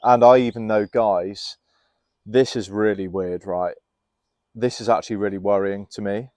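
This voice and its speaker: A young man with a fairly low voice talks through candid stories in a relaxed podcast chat. He speaks with animation and laughs easily as he makes his points. The sound is close and dry, recorded outdoors in a garden. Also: moderate pace, dry recording. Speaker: health and fitness coach, guest. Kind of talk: casual podcast conversation.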